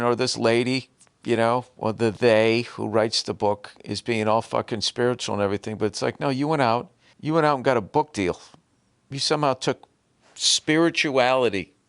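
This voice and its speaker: A man's voice: mid-range voice, fairly bright tone, smooth, no room sound. Sarcastic, profane male podcast host. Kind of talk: comedic rant.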